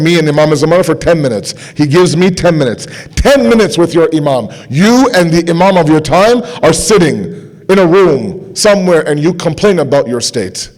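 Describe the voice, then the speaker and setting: A young man giving a sermon to a gathering, impassioned, repeating phrases for emphasis and dropping to quiet intensity. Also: fairly high pitch. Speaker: speaker at a religious gathering.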